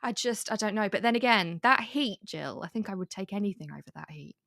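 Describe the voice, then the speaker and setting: A woman's voice: mid-range voice, expressive, brisk, vocal fry, fairly bright tone, no echo, studio quality. A woman hosting a podcast, teasing and giggling through a quiz game with her guest. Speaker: podcast host. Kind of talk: casual interview chat.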